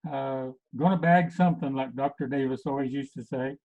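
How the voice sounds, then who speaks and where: Halting man presenting, tinny phone-like sound. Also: mid-range voice, darkish tone. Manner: halting, many fillers. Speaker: health coach. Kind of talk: casual presentation to a group.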